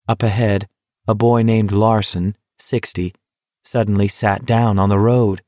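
A man reading a novel aloud as scripted narration, in a steady, measured way. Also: lowish voice, no echo, clean studio sound. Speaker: audiobook narrator.

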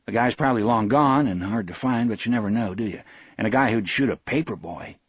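A man's voice: on the low side, animated, a little fast, slightly rough, no echo. A man voicing a folksy middle-aged neighbor.

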